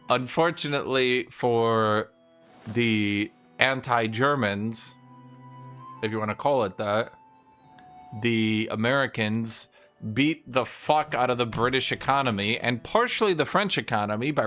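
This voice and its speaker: A man's voice: mid-range voice, fairly bright tone, faint music behind. Profane, opinionated male streamer. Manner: mimics historical nations in quick asides. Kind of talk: casual livestream rant while gaming.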